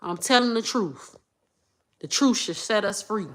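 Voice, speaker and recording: A woman, talking straight to her viewers in an emotional monologue. She repeats herself and swings from low muttering to loud outbursts. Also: animated, unhurried, background noise. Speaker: vlogger.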